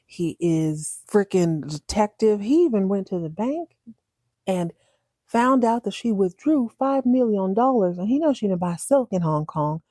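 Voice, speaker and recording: Lady recapping a show, super animated, does voices, warm low-key tone, dry mic. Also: measured pace, no room sound. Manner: animated, acts out dialogue in different voices. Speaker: podcast host recapping a TV drama. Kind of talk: casual chat.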